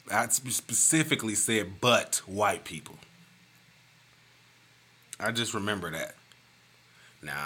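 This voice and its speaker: A man hosting a casual solo podcast, ranting in an animated, profane, joking way. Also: sits low. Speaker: podcast host.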